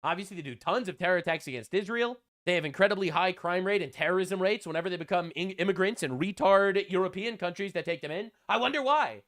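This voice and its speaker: A man's voice: high voice, fast, hardly any pauses, a bit bright. A man hosting casual political reaction commentary, blunt, crude and sarcastic, full of slang. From United States.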